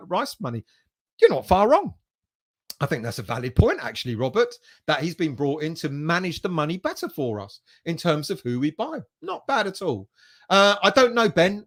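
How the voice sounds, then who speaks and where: A man hosting a fan livestream, reading viewer comments aloud and chatting casually, with the odd bit of swearing. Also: a little high. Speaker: fan channel host reading live chat.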